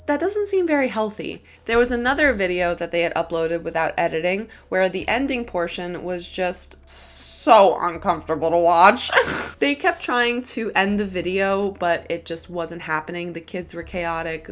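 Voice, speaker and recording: A woman's voice: medium pitch, expressive, normal speed, a bit bright. Sassy, swearing woman commentator. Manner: sassy, swears freely, dramatic emphasis. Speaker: commentary YouTuber. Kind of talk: casual drama commentary.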